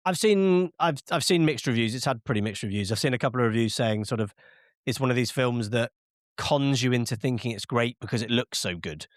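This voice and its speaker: A man's voice: mid-range voice, fairly quick, no echo. Blunt-spoken man in dry podcast chat. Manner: blunt, dismissive verdicts, laughs easily. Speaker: film podcast co-host back from a festival. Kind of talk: casual film chat.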